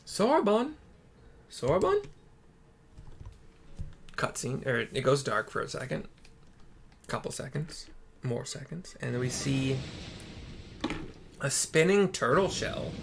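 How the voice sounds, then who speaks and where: A man's voice: mid-range voice, vocal fry, a bit bright, a little hiss or hum. A man casually narrating and describing a game playthrough for listeners who cannot see it, swearing now and then. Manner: casual, swears, thinks aloud. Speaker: game narrator for visually impaired viewers.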